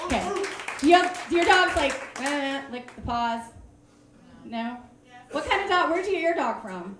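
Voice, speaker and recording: Bubbly high-voiced woman doing stand-up. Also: reverberant. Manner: bubbly, excitable, self-mocking. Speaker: comedy show host. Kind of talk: live stand-up comedy. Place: comedy club stage.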